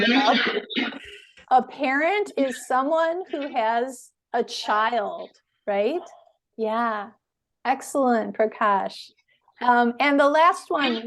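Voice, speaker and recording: A woman teaching English in a webinar, explaining words slowly and patiently with clear stress. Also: high-pitched.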